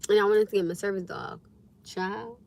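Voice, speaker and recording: A young woman hosting a casual livestream, telling stories to her viewers in a lively, expressive way with frequent laughs. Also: medium pitch, brisk, heavy background noise. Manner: animated storytelling, laughs often, acts out her own past speech. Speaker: livestream host.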